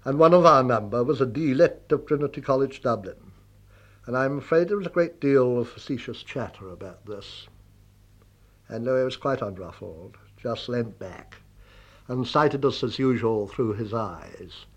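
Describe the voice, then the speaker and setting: A man recalling an old friend in a measured, wry anecdotal way. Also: mid-range voice, lively intonation. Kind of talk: spoken reminiscence.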